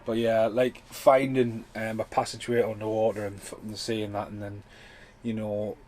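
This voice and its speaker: A man's voice: on the low side, little pitch movement, normal speed, a little mellow, a little hiss or hum, low-quality recording. A man hosting a podcast and commenting on a film while it plays, rambling and swearing in a loose, casual way. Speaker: podcast host.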